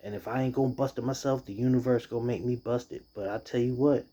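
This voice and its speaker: A man's voice: medium pitch, fast talker. Profane man ranting about his job. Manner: profane, animated storytelling with mocking impressions. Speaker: podcast or vlog host venting about work. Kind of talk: casual rant.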